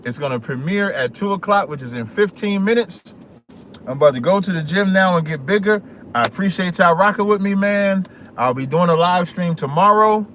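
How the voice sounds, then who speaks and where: A man hosting his own channel, talking casually and directly to viewers in relaxed slang. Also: high voice, normal speed, slight background noise. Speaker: channel host. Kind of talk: casual vlog talk to viewers.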